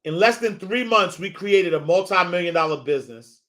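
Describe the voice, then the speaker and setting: A man with a high, bright, energetic voice preaches to his audience in a motivational faith talk. He circles back on the same phrases and builds to fired-up peaks. His delivery is loose and slangy, and he keeps calling his listeners "y'all.". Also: normal speed. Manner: animated, repetitive, preacher-like build-ups. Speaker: host.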